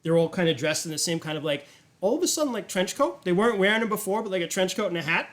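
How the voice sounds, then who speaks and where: A man's voice: high-pitched, expressive, fast talker, crowd noise. A man narrating as game master in a tabletop role-playing game, casual with lots of fillers. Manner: casual, rambling, many fillers.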